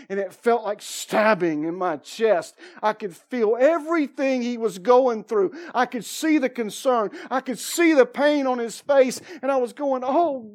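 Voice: mid-range voice, darkish tone. A preacher giving a sermon testimony, telling a story with repeated phrases and acting out what each person said.

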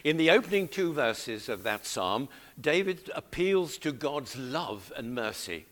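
A man's voice: medium pitch, very animated, measured pace, a bit bright. A man preaching a sermon, coaxing his congregation to read along with him. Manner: exhorting, coaxing the congregation to join in.

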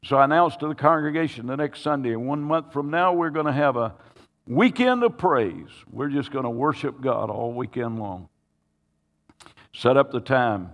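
A pastor telling a personal story in a sermon, earnest and halting, with frequent restarts that build to emotional pleading. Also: male voice, medium pitch, lively intonation, in a large hall. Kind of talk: sermon testimony.

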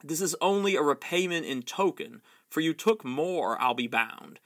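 A man's voice: on the high side, animated, moderate pace, gravelly, a bit bright. Man voicing Saruman, spiteful fallen old wizard. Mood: greedy. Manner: sneering, whining and spiteful. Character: bitter fallen old male wizard, scornful beggar.

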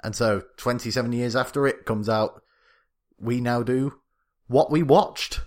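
A man's voice: mid-range voice, measured pace. A man with a British accent co-hosting a casual film review podcast, joking around and stumbling over names. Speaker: podcast co-host.

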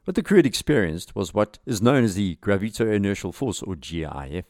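A man, himself a pilot, narrating an air crash story in measured documentary style with lively emphasis. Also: lowish voice, no room sound, clean studio sound.

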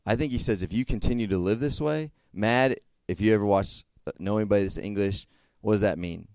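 A man's voice: on the low side, a little fast, a little mellow, clean tone, no echo. Casual young man preaching. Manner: conversational, checks in with frequent "okay?". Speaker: youth speaker. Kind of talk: casual sermon.

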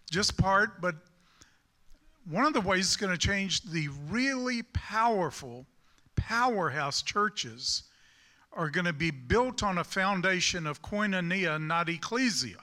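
A man's voice: high voice, sharp tone. A man with a Southern US accent preaching a sermon in a folksy, rambling way, with self-deprecating humor.

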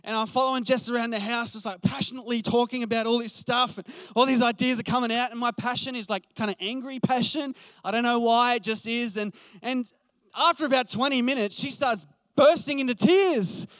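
A man in his late twenties preaches in a relaxed, conversational way, passionate and full of restarts as he thinks aloud. His voice sits fairly high and sounds smooth and resonant. The sound is dry and close. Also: a little fast, no room sound. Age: late 20s. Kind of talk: conversational sermon.

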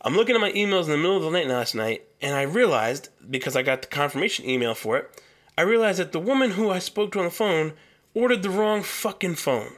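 A man's voice: high voice, animated, fast, fairly bright tone. A young man hosting a solo podcast, telling a long story in a heated, profane rant. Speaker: podcast host.

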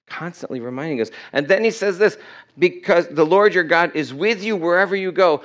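A man's voice: fairly high pitch, normal speed, fairly bright tone. A middle-aged man preaching to his congregation, reading scripture aloud and putting questions to the people. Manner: reads scripture aloud with self-corrections. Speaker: pastor. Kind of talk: sermon. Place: church.

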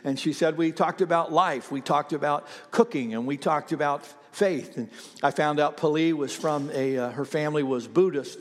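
A man preaching a sermon as pastor, telling a story conversationally with frequent fillers and pauses. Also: a little high, long reverb tail.

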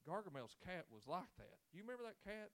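A man's voice: high-pitched, very animated, fast, a bit bright. A man in his forties, a pastor preaching a sermon with folksy, joking storytelling and casual grammar. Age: 40s.

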